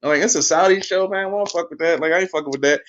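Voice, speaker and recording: Male podcast co-host, high lively voice, blunt profane rant, dull lo-fi audio. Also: rapid-fire. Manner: blunt, profane, exasperated ranting. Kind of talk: casual ranting chat.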